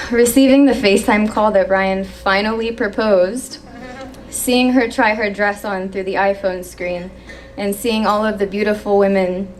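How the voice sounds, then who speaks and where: A young woman giving a maid of honor toast at a wedding reception, reading from her phone and pausing when she gets emotional. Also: medium pitch. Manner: emotional, pausing to steady herself.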